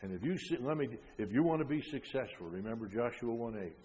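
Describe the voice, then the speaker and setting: An older man preaching a sermon, emphatic, with frequent rhetorical questions, rising loud and then dropping soft. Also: medium pitch, expressive, fast talker, slight background noise. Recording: long hall reverb.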